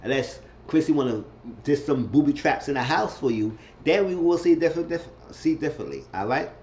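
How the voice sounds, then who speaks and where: A man's voice: a little high, expressive, brisk, darkish tone, lo-fi sound, slight background noise. Chatty man recapping a reality show. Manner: chatty, repeats himself, acts out quotes in shifting voices. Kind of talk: casual recap commentary.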